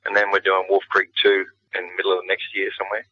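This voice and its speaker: A man's voice: deep voice, monotone, quick pace, no room sound. A middle-aged man with an Australian accent, a guest actor talking in a laid-back, plain-spoken way with frequent restarts. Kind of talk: casual radio interview. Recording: dull lo-fi radio sound.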